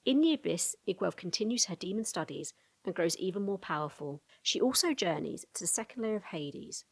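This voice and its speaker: A woman narrating a fantasy lore explainer video in a brisk storytelling tone, with casual asides to the viewer. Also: fairly low pitch, expressive, creaky.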